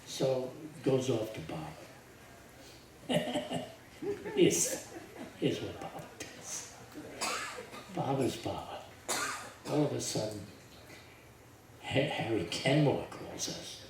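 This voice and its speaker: An older man telling a story to a group, slowly and with lively voiced quotes. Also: mid-range voice. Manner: slow, animated retelling with voiced quotes and laughs. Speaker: speaker telling his life story to a group. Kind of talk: storytelling talk. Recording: echoey hall from far off, audible noise.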